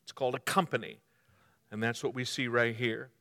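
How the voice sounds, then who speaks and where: A man's voice: mid-range voice, steady tone, brisk, pushed and bright, long reverb tail. A man preaching a sermon as pastor, engaging the congregation by asking them to mark their notes and by answering his own quiz questions.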